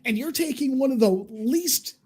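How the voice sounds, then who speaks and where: A man's voice: extremely high pitch, normal speed, darkish tone, a little hiss or hum. A man in his thirties co-hosting a casual online chat show, ranting in a sweary, sarcastic way. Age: 30s. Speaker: podcast co-host.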